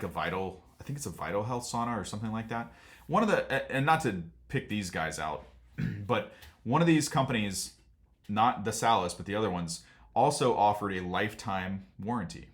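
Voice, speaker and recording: A man hosting a casual vlog, rambling and frank as he warns viewers about a business problem. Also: on the low side. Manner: rambling, frank, laughs at absurd points. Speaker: sauna business owner and channel host.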